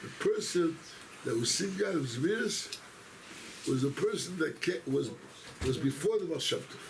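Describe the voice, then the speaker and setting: In a synagogue, a rabbi tells his congregation a story, rambling and repeatedly interrupting himself at a normal speed. His voice is gravelly with vocal fry and a little high. Steady room noise fills the background of the noisy recording.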